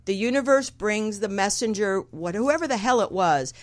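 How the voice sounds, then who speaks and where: Chatty woman host with a gravelly voice. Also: mid-range voice, expressive, moderate pace. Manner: chatty, laughing, self-deprecating. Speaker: podcast host. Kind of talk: casual chat.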